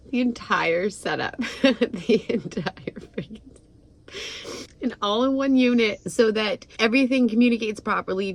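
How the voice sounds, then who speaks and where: A woman talking casually to the camera as a vlogger who lives out of her vehicle, chatty and emotional, laughing and gasping often, speaking in and around her truck outdoors. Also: medium pitch. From California. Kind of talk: casual vlog talk to camera.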